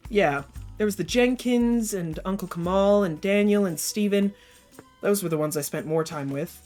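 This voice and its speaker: A woman voicing a poised, friendly female fire performer, talking gently and chattily while doing her makeup. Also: mid-range voice, normal speed, faint music behind, close to an everyday voice. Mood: hesitant.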